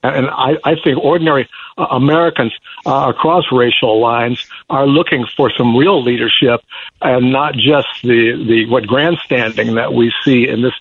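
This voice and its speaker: Older man rambling through fillers on radio. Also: medium pitch. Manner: halting, many filler words and restarts. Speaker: guest columnist. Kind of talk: radio interview conversation. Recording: dull lo-fi radio sound with faint noise.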